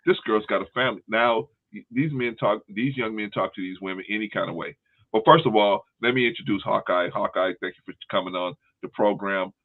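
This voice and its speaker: Older man, low voice over a tinny phone line. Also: fairly quick. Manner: animated storyteller, swearing, acting out quotes. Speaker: host. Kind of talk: casual panel chat.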